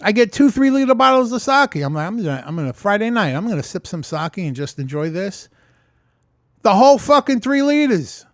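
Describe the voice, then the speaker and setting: A man's voice: high voice, very animated, brisk, no room sound, clean studio sound. A man vlogging unscripted about his sobriety, talking bluntly and profanely in an emphatic rant. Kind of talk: unscripted ranting monologue.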